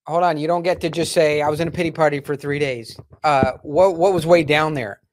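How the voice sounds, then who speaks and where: A man's voice: fairly high pitch, steady tone, fairly quick. A man hosting an interview, asking blunt, curious questions in a casual, sometimes profane way. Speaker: podcast host. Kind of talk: interviewing a guest.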